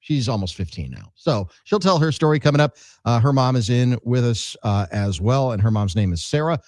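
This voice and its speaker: A man's voice: mid-range voice, animated, a little fast, a little mellow, dry recording. A man co-hosting sports talk radio in a studio, trading wry jokes and reading sponsor plugs in a casual way. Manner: joking, wry asides.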